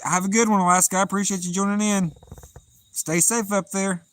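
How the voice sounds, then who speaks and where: A man's voice: high voice, a little fast, rough recording. A man with a Southern US accent, chatting casually and laughing as he hosts a live fishing stream outdoors at night. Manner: relaxed, chatty, laughs often, easygoing drawl. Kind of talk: casual live-stream chat reading out viewer comments.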